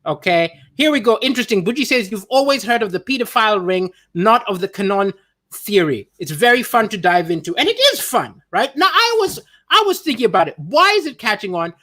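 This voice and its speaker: A man hosting a comedy livestream from home, reading viewer comments aloud and riffing on them with lively, playful delivery. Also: high-pitched, fairly quick. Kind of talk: casual comedic livestream chat.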